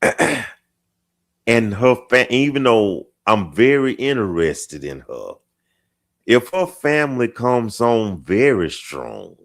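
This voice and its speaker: A man's voice: medium pitch, sing-song, slow pace. A male host chatting casually on a live stream, reading viewer comments aloud, drawing words out and repeating phrases. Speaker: host of a live chat show.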